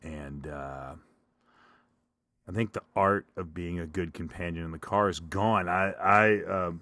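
A man with a low voice talks through his ideas in a loose, rambling way, poking fun at himself as he goes. He is recorded on a dry, close microphone with no room sound. He comes across as a middle-aged solo podcast host chatting casually. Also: a little slow, pushed and bright, no echo. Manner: rambling, self-deprecating, stream of consciousness.

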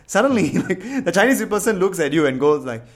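A man co-hosting a podcast in casual chat, animated and drawing words out for emphasis, with the odd swear. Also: high-pitched, fairly quick. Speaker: podcast co-host.

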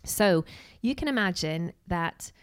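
A woman delivers a relaxed, conversational sermon. Her voice sits a little low and she talks in a lively, chatty way, slipping into little acted-out quotes and asides to her listeners. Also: slow pace, smooth. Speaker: preacher. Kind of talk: casual sermon.

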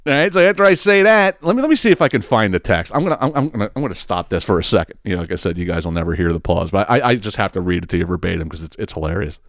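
A man hosting a podcast, telling a long casual story in a rambling, animated way, laughing often and swearing freely. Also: lowish voice, very fast, few pauses, no echo, studio quality. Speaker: podcast host.

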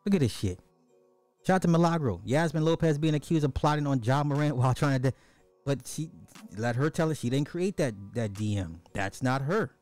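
A man hosting a podcast in casual livestream commentary, animated and slangy, talking straight to his viewers. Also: medium pitch, fairly quick, no room sound, faint music behind. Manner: animated, slangy, addresses the chat directly. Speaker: podcast host.

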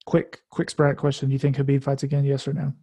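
Mellow, husky, flat-toned man chatting. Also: mid-range voice, fast talker. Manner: hesitant, offhand, filler-heavy. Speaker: co-host. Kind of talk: casual podcast chat.

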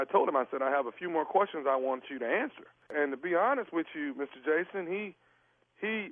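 A stern, formal child services caseworker, put on by a man on a prank call, who keeps calling the other man sir. His voice sits fairly high and comes through a tinny phone line with no room around it. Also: no room sound, close to an everyday voice. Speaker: prank caller.

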